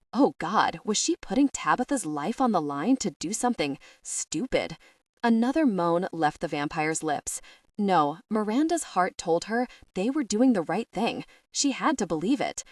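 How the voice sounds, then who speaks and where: A woman reads fantasy narration in a steady, even manner. Her voice sits on the low side, and the close studio recording is dry with no room echo. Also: unhurried. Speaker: audiobook narrator. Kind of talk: scripted narration.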